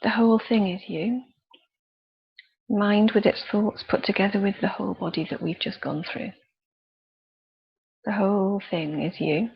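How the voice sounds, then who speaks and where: A woman leading a guided body scan meditation with slow, soft, calm instructions and pauses. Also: mid-range voice, gravelly, husky, muffled recording. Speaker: youth worker leading a relaxation exercise.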